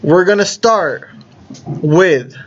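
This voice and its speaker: A man's voice: high voice, lively intonation, extremely slow, a little hiss or hum. A man hosting a fantasy football podcast, leading segments in a laid-back way. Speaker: podcast host, league commissioner. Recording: dull lo-fi audio.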